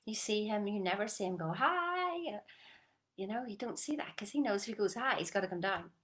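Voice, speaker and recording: A woman coaching listeners on a group call in an earnest, coaxing manner, often dropping to a soft whisper and checking in with short questions. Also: medium pitch, quick pace. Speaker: motivational coach. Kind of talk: motivational talk on a group call.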